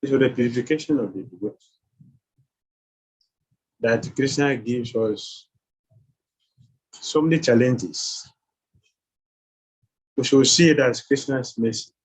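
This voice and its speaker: A man's voice: medium pitch, slightly rough, poor audio. A man teaching a scripture class who keeps quizzing his listeners with questions and chuckles as he goes. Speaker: spiritual teacher.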